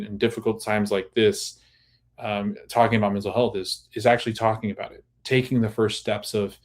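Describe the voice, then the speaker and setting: Lowish-voiced man rambling through a recap. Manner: rambling, full of restarts and "like", laughs at times. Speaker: podcast host. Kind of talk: casual episode recap.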